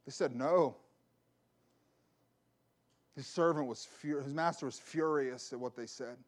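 A man's voice: mid-range voice, a little slow. A man preaching a sermon as a pastor, telling a personal story and repeating phrases for emphasis.

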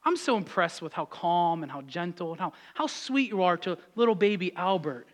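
A man's voice: high voice, animated, moderate pace, voice pushed down. A man voicing an impressed woman shopper who gushes admiringly, barely changing his own voice.

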